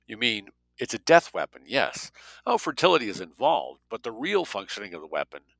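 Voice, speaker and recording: A man voicing a blunt, sardonic male financier in an audiobook, with a gravelly voice. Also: fairly low pitch, huge pitch swings, a little fast, a bit bright, dry recording, full character voice, poor audio.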